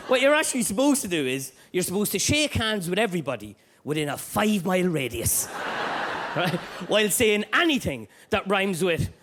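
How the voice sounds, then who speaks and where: A man from Dundalk with an Irish accent doing a stand-up routine, animated and sweary, with shouty bursts, recorded live in a club. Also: high-pitched, brisk, background noise. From Dundalk, Ireland. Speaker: stand-up comedian.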